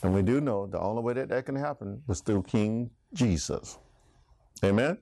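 With a fairly low, mellow voice touched by vocal fry, this middle-aged Bible teacher speaks at normal speed, and there's no echo. His folksy, sermon-like lesson is full of laughter and questions put to the class.

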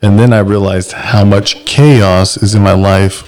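A man co-hosting a casual talk show, upbeat and promotional as he tells stories and pitches products. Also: steady tone, a little slow, a little mellow. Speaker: podcast co-host. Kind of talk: casual chat.

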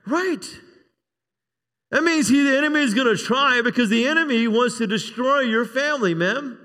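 A man's voice: very high-pitched, animated, moderate pace, pushed and bright. A man preaching a sermon as a pastor, talking conversationally and drawing amens from the congregation. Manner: conversational preaching with frequent call-and-response amens. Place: church sanctuary. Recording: long reverb of a church hall.

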